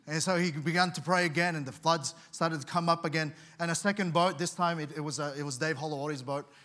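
A man's voice: on the high side, fairly even intonation, fast, bright, forceful tone. A man preaching a sermon in an earnest way, often repeating words and restarting, with dramatic swells in volume. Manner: tells a story with dramatic rises in volume.

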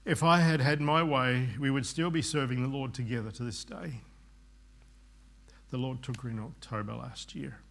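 A man's voice: medium pitch, moderate pace, creaky, a bit bright. Male pastor, fifties, earnest sermon delivery with rambling asides, mid-range voice.

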